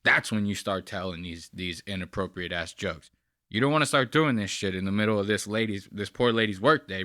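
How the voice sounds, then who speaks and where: A man's voice: fairly low pitch, pushed and bright. A man hosting a reaction channel, giving profane, mocking casual commentary on a clip.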